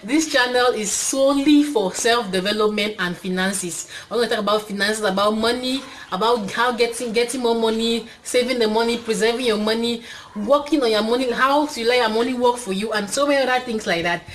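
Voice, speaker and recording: A woman's voice: on the high side, brisk, a little hiss or hum, low-quality recording. Chatty Cameroonian woman vlogging. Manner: chatty, upbeat, many fillers. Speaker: channel host. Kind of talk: casual vlog to camera. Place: indoors, talking to camera.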